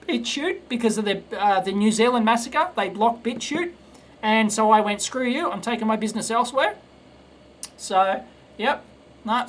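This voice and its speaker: There's a little hiss or hum under this Australian electronics host's high-pitched, slightly bright voice. He chats casually while soldering live, rambling and blunt, with plenty of restarts and stammered repeats.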